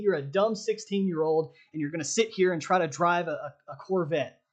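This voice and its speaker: A man's voice: on the high side, brisk, hardly any pauses. A man giving a casual, direct motivational talk about trading as a coach, emphatic and conversational, often checking in with "right?".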